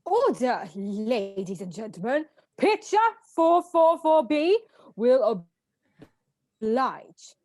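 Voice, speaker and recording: A woman reading the part of a jovial man courting a maid, speaking in a slow, mock-gallant way. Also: a little high, big pitch swings, warm tone, no room sound, studio quality, exaggerated voice. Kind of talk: script read-through.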